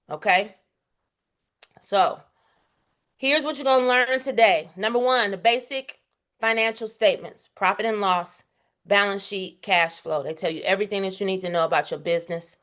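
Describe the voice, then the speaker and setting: Her mid-range voice is a bit bright and moves at normal speed as she teaches bookkeeping. The instructor keeps things casual and direct with slang and emphasis, often asking "okay?" to check in.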